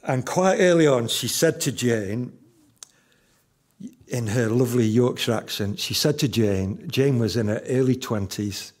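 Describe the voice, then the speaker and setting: Male pastor in his fifties, unhurried sermon delivery with emphatic repetition. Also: medium pitch, darkish tone. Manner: slow, emphatic, repeats key lines.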